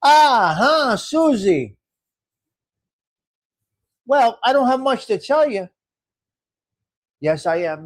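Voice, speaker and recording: Lively high-pitched man hosting a live chat. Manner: chatty, laughs often, rambling. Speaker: livestream host. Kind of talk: casual live chat reading viewer comments.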